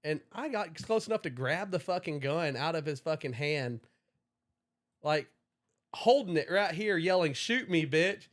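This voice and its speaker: A young man with a slightly higher voice tells long, rambling stories, swearing freely as he goes. He speaks casually, in the loose style of a chat podcast. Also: animated, normal speed. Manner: profane, rambling storyteller. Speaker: podcast co-host.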